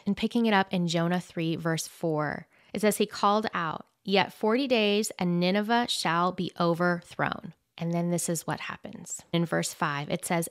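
A woman's voice: lowish voice, no echo. Earnest woman teaching Bible, dry sound. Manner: earnest, conversational, reads scripture aloud. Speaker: Bible teacher and podcast host.

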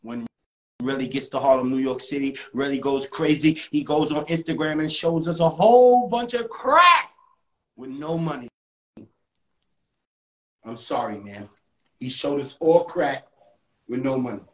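A man's voice: a little high, expressive, moderate pace, a bit bright, reverberant, low-quality recording. A man telling a comedic mock-funeral story with a theatrical, over-the-top delivery.

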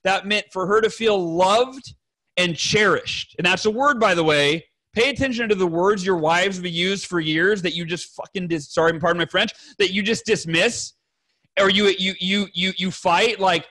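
A man in his thirties speaks as a podcast guest, earnest and rambling, often correcting himself mid-sentence. His voice sits high and bright. He clears his throat often and drops the odd curse word. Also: normal speed. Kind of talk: emotional personal story to fathers.

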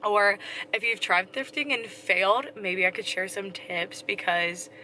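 A young woman in a casual shop-with-me vlog, chatty and excited, often dropping to a whisper, filmed on a handheld camera inside a thrift store. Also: medium pitch, a little slow. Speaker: vlogger. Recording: store noise in background.

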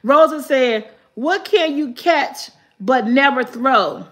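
Woman, high voice, unhurried, laughs a lot, casual live chat. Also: lively intonation. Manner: laughs often, repeats questions slowly, chatty. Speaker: vlogger reading live chat riddles.

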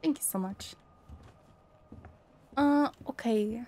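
A woman's voice: on the high side, slow pace, dark tone. A young woman playing a horror game, chatting casually, reading notes aloud and getting easily spooked. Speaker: streamer. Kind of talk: casual let's play commentary.

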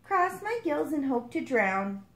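A woman voicing a sensible, world-weary goldfish in a storybook, dry and drawn-out. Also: sits high, big pitch swings, fairly bright tone, echoey room, pitched above the performer's own voice, full character voice.

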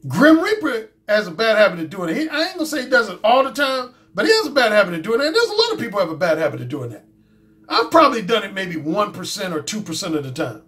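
A dating coach and YouTube host speaks quickly in a high, sing-song, slightly bright voice. On his own channel he delivers a casual commentary monologue, blunt and profane, repeating his points.

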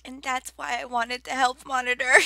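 A young woman giving excitable, gushing commentary while playing a video game, on a budget desktop mic. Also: high voice, measured pace, gravelly, no echo. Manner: excitable, gushing, lots of exclamations and laughs. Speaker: let's play host. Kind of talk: gaming commentary. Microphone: budget desktop mic with keyboard clicks. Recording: faint background noise, keyboard clicks.

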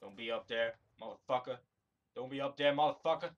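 A man's voice: mid-range voice, a little fast, dull audio, a little hiss or hum. A man giving angry gameplay commentary, swearing constantly and ranting at other players. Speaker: gamer recording his own play.

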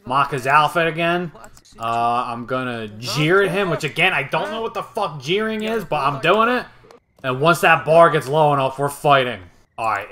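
A young man casually commentating a life-sim game he is playing, swearing freely and getting excitable. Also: a little high. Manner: profane, excitable, jokey. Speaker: gaming video host.

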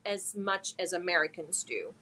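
A woman's voice: on the low side, moderate pace. A middle-aged woman from Germany, hosting a casual live stream and reading viewer messages aloud as she answers them. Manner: reads chat messages aloud and answers viewers warmly one by one.

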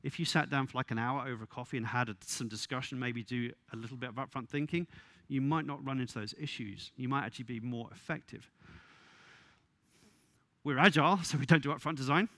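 A man giving a conference talk, wry and exasperated, with quick asides and laughs. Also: medium pitch, steady tone, a bit bright, no echo. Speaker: conference speaker. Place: conference venue.

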